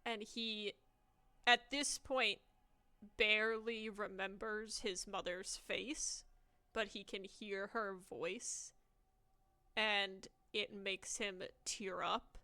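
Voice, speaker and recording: A woman playing in a tabletop game, describing her character's actions in an unhurried way. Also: medium pitch, bright, forceful tone. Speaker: player.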